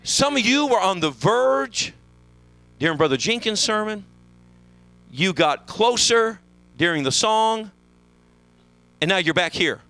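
Fervent pastor with wide-swinging pitch. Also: male voice, animated, a little slow, long pauses, dry recording, low-quality recording. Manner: fervent preaching, sweeping from hushed lows to shouted highs. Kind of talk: sermon. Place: church sanctuary.

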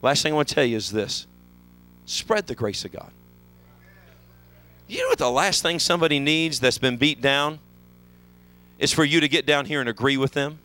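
A high, bright male voice preaching a sermon in a church. He moves from soft, murmured passages to sudden shouted climaxes, and his pitch roams all over. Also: animated, moderate pace, pauses often, rough recording. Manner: fervent preaching, sweeping from hushed lows to shouted highs. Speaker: pastor. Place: church sanctuary.

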